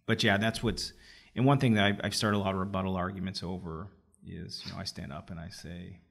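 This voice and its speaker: Low-voiced man hosting a legal podcast. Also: fairly even intonation, brisk, gravelly, fairly bright tone. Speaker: podcast host. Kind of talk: conversational podcast interview.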